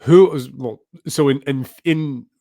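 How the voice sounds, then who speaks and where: A man's voice: medium pitch, a little slow, mellow, no room sound, clean studio sound. A man hosting a podcast who asks casual, slangy questions. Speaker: podcast host.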